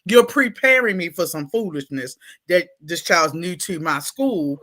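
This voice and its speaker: Speaking at a measured pace in a lowish voice, a school staff member from Baltimore, USA, shares stories as an interview guest. With her Baltimore accent, she's animated and laughing, mimicking what people said in exaggerated voices.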